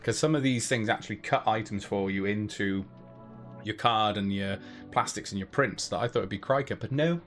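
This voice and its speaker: A man's voice: medium pitch, fairly bright tone. A man hosting a casual live-stream chat, chatty and laughing often, who sometimes slips into put-on accents. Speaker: host.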